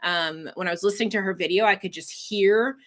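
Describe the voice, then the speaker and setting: A woman's voice: medium pitch, a little fast, a bit bright. A woman hosting a casual livestream announcement, emotional and laughing as she chokes up reading comments. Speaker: livestream host, coach.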